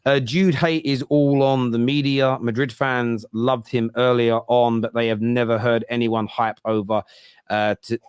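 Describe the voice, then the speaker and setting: Animated football host, dry sound. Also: male voice, mid-range voice, smooth, no room sound. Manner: animated, quick to react to viewer comments. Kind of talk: casual football discussion.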